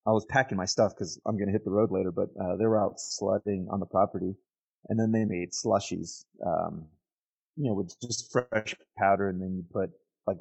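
Man, low gravelly voice, husky, laid-back slangy chat. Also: a little mellow, muffled recording. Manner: laid-back, slangy, calls people dude and bro. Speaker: podcast co-host. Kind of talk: casual chat.

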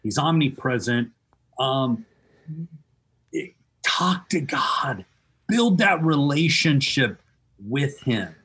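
A husky-voiced man, a former baseball chaplain, gives faith advice during a relaxed conversation. He preaches emphatically and drives his point home by repeating key phrases. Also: medium pitch, slow, pauses often. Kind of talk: casual faith chat.

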